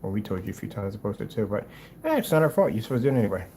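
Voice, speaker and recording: A man reacting to a rival's screen paint video with mocking, exasperated commentary, swinging between loud outbursts and low muttering. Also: big pitch swings, racing, a little hiss or hum.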